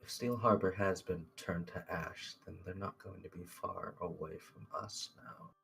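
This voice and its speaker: A man voicing a grim elven woman in a tabletop game, speaking low and quietly. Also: steady tone, a little slow, vocal fry, soft background music, heavily acted, poor audio. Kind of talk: tabletop game role-play.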